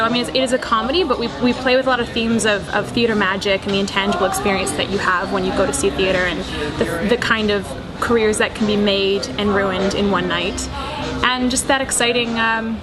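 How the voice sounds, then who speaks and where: A woman's voice: mid-range voice, fairly even intonation, fast talker, loud music behind the voice. A young adult woman, an actress and screenwriter, answering interview questions in an enthusiastic, chatty way, laughing often and restarting her sentences.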